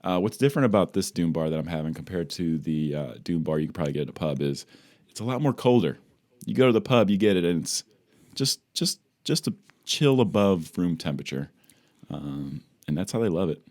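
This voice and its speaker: A man's voice: sits low, animated, a little fast, a little mellow. A man co-hosting a casual podcast over a drink, playful and upbeat, repeating phrases for fun. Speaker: podcast co-host. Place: home in the UK on a video call.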